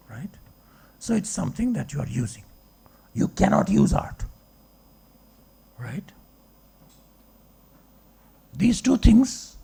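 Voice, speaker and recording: Husky gravelly-voiced man giving a rambling philosophy lecture, pitch all over the place. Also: dark tone. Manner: discursive, asks rhetorical checks like okay and right. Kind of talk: public lecture.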